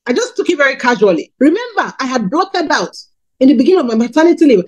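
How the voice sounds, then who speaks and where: A woman's voice: fast, low-quality recording. A woman in her thirties from Nigeria, candidly telling her personal testimony in a sermon. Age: 30s. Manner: candid storytelling, animated pitch swings. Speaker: preacher.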